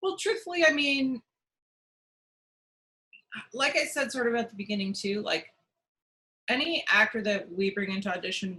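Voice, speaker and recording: Bright-voiced chatty woman. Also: medium pitch, rough recording. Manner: chatty, with many restarts and fillers. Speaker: casting director. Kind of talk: casual interview answers. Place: at home.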